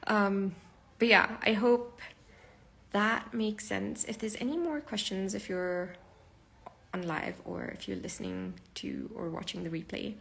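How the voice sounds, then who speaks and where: A woman's voice: medium pitch, lively intonation, unhurried, vocal fry, a bit bright. A sleep-deprived woman hosting her podcast from a live stream, talking casually and chattily with plenty of fillers. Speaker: podcast host.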